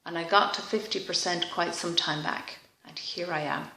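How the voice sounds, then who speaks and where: A woman leading a guided EFT tapping session in a slow, soft, reflective manner, pausing for frequent sighs. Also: fairly low pitch, steady tone, roomy sound, slight background noise.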